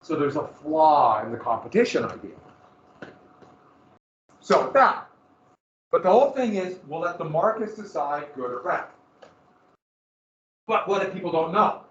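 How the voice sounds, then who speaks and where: A man's voice: fairly high pitch, very animated, a little slow, pauses often, a bit bright, slight background noise. A male teacher giving a casual, joking class lecture that often wanders into personal stories. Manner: casual, joking, digressive storytelling. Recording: roomy, dull, from a distant mic.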